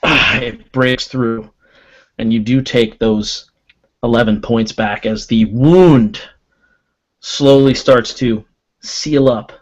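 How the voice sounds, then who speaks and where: A man narrating as game master of a tabletop game, describing scenes in a slow, ominous way. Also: mid-range voice, poor audio.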